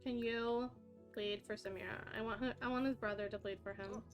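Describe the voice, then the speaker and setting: High-voiced, excitable woman streamer. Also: brisk, loud music behind the voice. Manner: chatty, excitable, talks to chat while playing. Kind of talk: live game stream chat.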